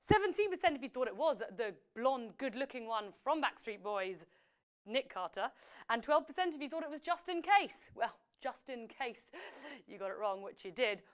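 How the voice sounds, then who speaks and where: Lively woman hosting a quiz. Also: on the high side, normal speed. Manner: chatty, lively, self-correcting. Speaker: quiz host. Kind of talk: live app quiz hosting.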